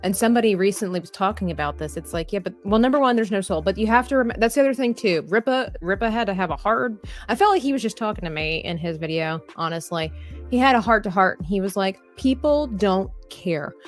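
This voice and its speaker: A woman's voice: mid-range voice, quick pace. Earnest woman chatting on a drawing stream. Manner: earnest, rambling, restarts, reads chat comments aloud. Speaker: livestream artist host. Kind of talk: casual livestream chat while drawing. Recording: faint background music.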